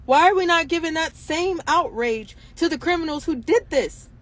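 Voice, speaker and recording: A woman's voice: very high-pitched, lively intonation, moderate pace. A woman hosting her own show, speaking in an impassioned monologue full of indignant rhetorical questions. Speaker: show host.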